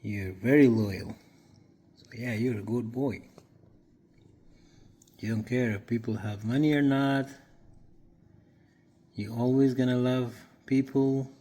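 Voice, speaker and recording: A man's voice: medium pitch, little pitch movement, takes it slowly, pauses often, dark tone. A man filming a casual vlog, talking soothingly to his cat. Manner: talks soothingly to a pet. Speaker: pet vlogger.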